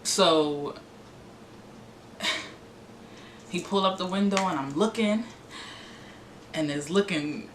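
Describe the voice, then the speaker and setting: A woman's voice: fairly low pitch, takes it slowly, pauses often, slight background noise. A young woman telling a dramatic personal story as a vlogger, acting out the voices of the people in it. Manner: animated, dramatic storytelling with cursing and acted-out quotes. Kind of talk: storytime vlog. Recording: echoey room with music behind.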